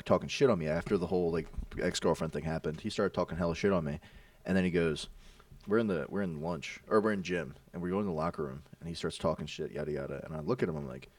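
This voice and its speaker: A young man casually telling animated stories among friends, swearing freely and acting out what people said. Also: low voice, no room sound, recorded from a distance.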